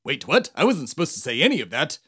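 A man's voice: fairly high pitch, sing-song, fast, bright, forceful tone, husky, no echo, studio quality. A man hosting a satirical comedy podcast, delivering a pompous, over-the-top patriotic monologue in character.

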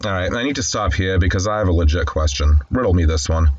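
A low-voiced man talks through a film scene by scene, reading its dialogue aloud and adding wry, conversational asides. The sound is a little dull and lo-fi. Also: animated, fast, darkish tone. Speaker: host. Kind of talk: film commentary and scene description.

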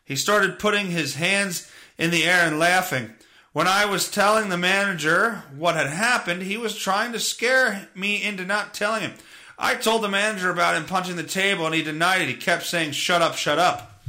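Man ranting on a podcast, lively and bright. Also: high voice, normal speed. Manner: profane, sarcastic, rambling commentary. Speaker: podcast host. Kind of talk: casual comedic monologue.

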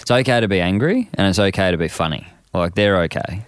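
A man being interviewed, talking in a loose, rambling way with many fillers and restarts, and getting animated when he acts out what others say. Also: sits low, fast talker, clear, resonant tone, dry recording, clean studio sound. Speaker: guest, men's program founder. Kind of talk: casual conversational interview.

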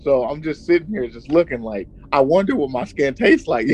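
A man's voice: on the high side, expressive, fairly quick, a little mellow, slight background noise, rough recording. A man co-hosting a true crime podcast, talking in a casual, slangy way and laughing often. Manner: laid-back, laughing, slangy. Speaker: podcast co-host. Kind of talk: casual chat.

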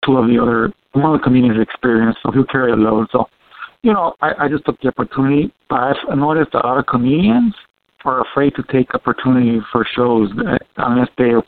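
A man with a Mexican Spanish accent hosting a casual comedy podcast interview, talking in halting, loose phrases. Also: medium pitch. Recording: gravelly voice on a tinny phone-like line.

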